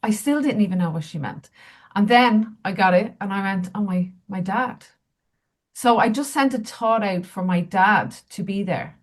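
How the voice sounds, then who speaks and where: A woman's voice: mid-range voice, animated, normal speed. A woman, a healer and medium, telling candid, self-mocking stories as an interview guest. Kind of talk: casual interview storytelling.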